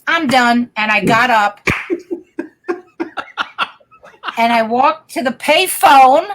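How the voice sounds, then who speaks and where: Lively middle-aged woman comedian telling a story. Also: fairly high pitch, extremely slow, poor audio. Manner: lively, profane anecdote-telling with many restarts. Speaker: guest comedian. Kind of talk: casual storytelling at a dinner chat.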